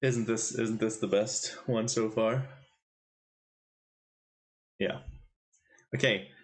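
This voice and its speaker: A man's voice: lowish voice, fairly even intonation, slow pace. A man commentating a chess tournament on his live stream, casually teasing his chat and quizzing viewers. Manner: playful, teasing the chat with quiz questions.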